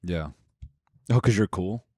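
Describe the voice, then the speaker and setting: A man's voice: low-pitched, a little slow, warm tone, breathy edge, no echo, studio quality. A young man co-hosting a podcast, joking and teasing in casual banter. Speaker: podcast co-host. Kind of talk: casual chat.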